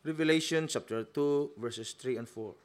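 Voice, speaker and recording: A man preaching a sermon, swinging from hushed lines to loud, emphatic peaks. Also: medium pitch, normal speed.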